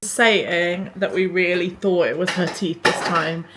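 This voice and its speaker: A woman's voice: fairly low pitch, fairly even intonation, a little slow. A young woman, a first-time mum chatting casually through a home vlog in her kitchen and often turning to coo at her baby. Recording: home recording with background noise.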